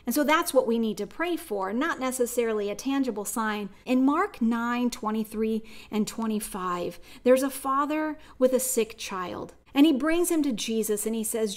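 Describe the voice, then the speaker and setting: A woman's voice: fairly high pitch, moderate pace, hardly any pauses. A woman giving a devotional Bible teaching, talking in an earnest, reflective way and telling a personal story along the way.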